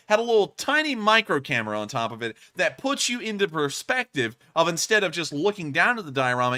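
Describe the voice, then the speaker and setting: A man's voice: on the high side, sharp tone. A man hosting a casual livestream, rambling and laughing often, thanking viewers with stock phrases. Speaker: livestream host.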